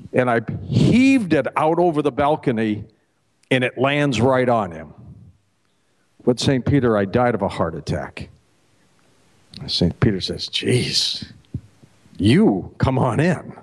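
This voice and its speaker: A middle-aged man tells a joke live on a festival stage into a handheld mic. His voice swoops up and down as he acts out each character, and he banters with the crowd in between. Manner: animated, acts out the characters with pitch jumps. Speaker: radio host telling a joke on stage. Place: festival stage before an audience.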